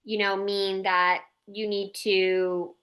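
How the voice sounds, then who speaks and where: This is a woman in her thirties hosting a casual podcast conversation. Her voice is bright and forward, and her speech is loose and frank, full of "like" fillers and the occasional curse. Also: mid-range voice, level tone, slow pace. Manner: candid, chatty, peppered with "like" and mild swearing. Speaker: podcast host.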